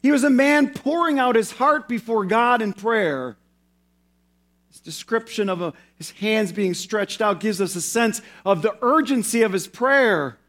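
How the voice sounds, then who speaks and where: A male pastor preaching a sermon in an earnest way, slowing down and repeating phrases for emphasis. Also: extremely high pitch, fairly bright tone.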